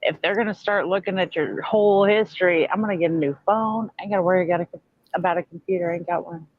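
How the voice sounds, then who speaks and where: A woman's voice: lowish voice, steady tone, quick pace. A woman from Texas chats in a sassy, brash manner and swears freely. Her voice sounds dull and dry, with almost no room echo. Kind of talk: casual chat.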